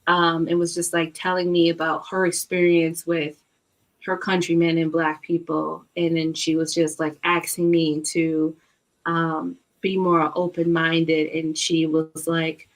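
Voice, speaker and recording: Woman a bit low-voiced, chatty and animated, laughs a lot, lots of ums. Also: a little slow. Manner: animated storytelling with frequent laughs and fillers. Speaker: book club guest. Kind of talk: casual chat.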